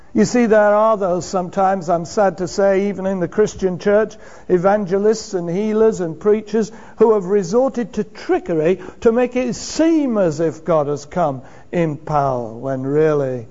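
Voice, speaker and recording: A man preaching a sermon in a church, emphatic and measured, asking rhetorical questions and chuckling now and then. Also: high voice, darkish tone. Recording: dull lo-fi sermon recording.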